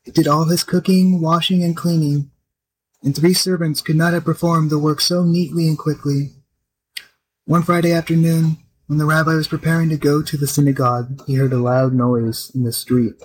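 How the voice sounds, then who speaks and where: A man narrating a folk tale in a steady, expressive reading. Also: a little high, moderate pace, a little hiss or hum, rough recording. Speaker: storyteller. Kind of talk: scripted storybook narration.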